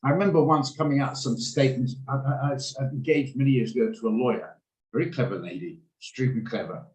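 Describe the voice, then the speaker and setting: A man's voice: mid-range voice, fairly quick, a little mellow, echoey room, low-quality recording. A man hosting a trading room on a video call, talking casually and emotionally, rambling and laughing as he goes.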